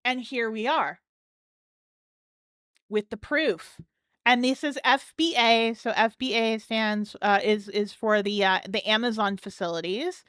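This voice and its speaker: A woman's voice: fairly high pitch, steady tone, a little slow, a bit bright, clear, resonant tone, no room sound, clean studio sound. A woman hosting a live stream, chatting casually and thanking viewers as she comments. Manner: chatty, keeps thanking chat supporters.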